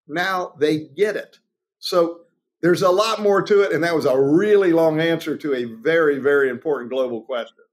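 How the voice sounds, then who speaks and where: A man's voice: a little high, moderate pace. A man, a trial lawyer, answering at length in a podcast interview, telling stories and acting out the people in them. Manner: animated storytelling, acts out quoted voices.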